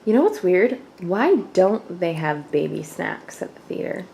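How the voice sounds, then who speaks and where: A woman's voice: on the low side, big pitch swings, a little slow, creaky, mellow, a little hiss or hum, rough recording. A young woman chatting casually through her daily vlog in her home kitchen, rambling and laughing often. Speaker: vlogger.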